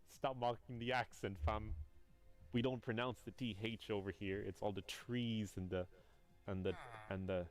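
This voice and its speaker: A young man streaming a game as a VTuber, chatting casually, teasing his guest and shouting at the game. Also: lowish voice, level tone, measured pace, pauses often, faint music behind. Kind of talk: casual gaming livestream chat.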